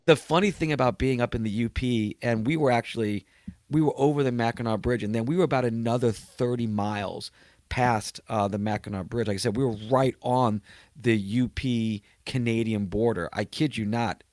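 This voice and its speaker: A man's voice: medium pitch, normal speed, a little mellow, dry recording, clean studio sound. A male comedian, a guest on a casual podcast, telling road stories in a conversational way. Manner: storytelling, acts out voices of people he met.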